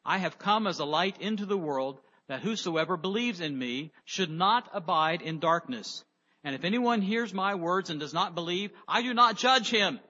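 A man preaching a sermon, emphatic, rising loud on key words and dropping low on others. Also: expressive, normal speed. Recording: dull lo-fi sound with long reverb.

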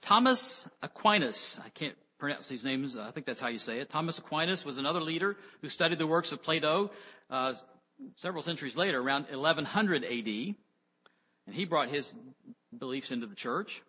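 A man giving a sermon, reading scripture slowly with emphasis and then explaining it in a conversational way. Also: fairly high pitch, animated, bright, forceful tone, breathy edge. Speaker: preacher. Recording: dull lo-fi audio with long hall reverb.

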